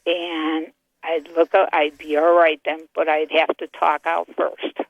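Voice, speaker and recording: An older woman calling in by phone, telling a ghost story in a chatty, animated way, full of "I go" and "he goes". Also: sits low, a little slow, no room sound. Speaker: caller. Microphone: telephone. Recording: tinny dry phone line.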